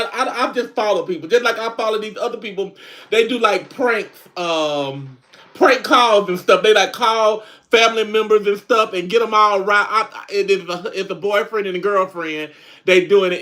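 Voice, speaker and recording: A man's voice: high-pitched, sharp tone. A man playing a sassy middle-aged country woman, chatting in country slang on a live stream. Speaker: livestream host. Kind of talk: casual live-stream chat.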